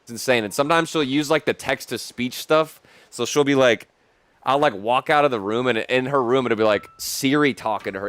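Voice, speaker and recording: Lively young man with slangy chatter. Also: mid-range voice, normal speed, no room sound. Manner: animated, slangy, says "dude" a lot. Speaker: gaming streamer. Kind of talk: casual gameplay commentary.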